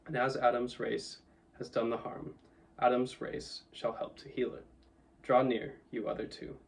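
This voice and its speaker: A man's voice: mid-range voice, level tone, vocal fry, far from the mic, rough recording. Plechtige wijze leeuw, gespeeld door een man, krakerige stem, wat ver van de microfoon. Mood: solemn. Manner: solemn, measured. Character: wise, commanding great male lion.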